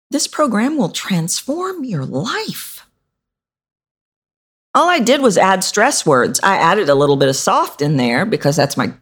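A middle-aged woman hosting a podcast as a voice coach. She talks in an animated, demonstrative way and swoops up in pitch to stress words. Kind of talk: instructional podcast talk.

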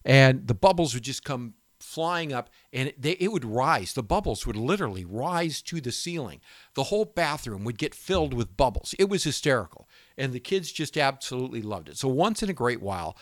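On his home and garden radio show, a man tells a rambling personal story in an animated, casual way, often cutting himself off mid-sentence. His medium-pitched voice is recorded dry at studio quality.

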